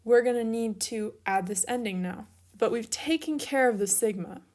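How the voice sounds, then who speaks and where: A woman's voice: on the high side, normal speed, a little mellow. A young woman giving a recorded grammar lesson, explaining each step patiently while she writes out examples. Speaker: teacher.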